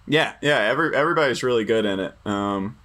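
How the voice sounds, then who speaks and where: A man's voice: mid-range voice, expressive, fast talker, a bit bright. A man co-hosting a casual film podcast, speaking hesitantly with many fillers and restarts. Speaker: podcast co-host.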